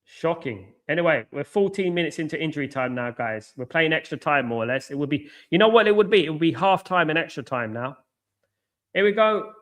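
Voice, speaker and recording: This is a man hosting a live football watchalong stream. His voice sits a little high, and he talks in an excitable, chatty way, reacting to the play and calling out to viewers by name. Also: fairly quick. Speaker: watchalong host.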